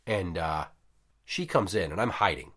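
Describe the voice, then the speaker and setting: A man's voice: low voice, normal speed, slightly rough. A man in his thirties, a podcast host, telling a story at home with lots of swearing and acted-out quotes. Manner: profane, animated, acts out quotes. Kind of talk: casual storytelling.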